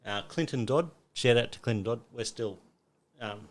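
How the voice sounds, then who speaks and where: A man's voice: medium pitch, moderate pace. A middle-aged Australian man telling a story in casual chat, acting out quotes and swearing a lot. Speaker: podcast guest.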